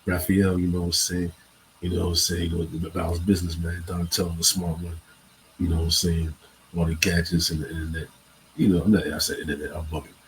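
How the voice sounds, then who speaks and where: A man's voice: low voice, level tone, fast, slight background noise, poor audio. A young man hosting his own show, chatting loosely and rambling in slangy talk with lots of swearing and frequent laughs. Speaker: show host. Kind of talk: casual solo talk.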